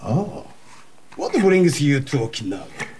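An actor playing a cheerful, chatty sushi chef who speaks broken English with a Japanese accent. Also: male voice, medium pitch, huge pitch swings, unhurried, slightly rough, exaggerated voice. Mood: friendly. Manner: broken English, jovial and teasing, bursts into yelling. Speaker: sushi bar owner.

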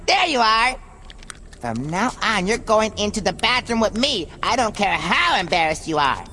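A woman voicing an excitable, toy-obsessed boy in a cartoon. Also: mid-range voice, normal speed, over music, lightly acted. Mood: boastful. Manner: loud, excitable, goofy. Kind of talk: cartoon voice acting.

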